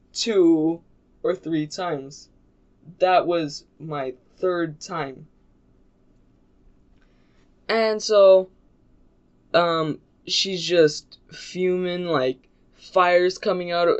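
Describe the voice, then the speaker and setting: A man rambles through a casual storytime vlog, stopping and restarting with plenty of fillers. He speaks slowly, and the recording sounds dull and lo-fi. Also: fairly high pitch. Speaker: YouTuber.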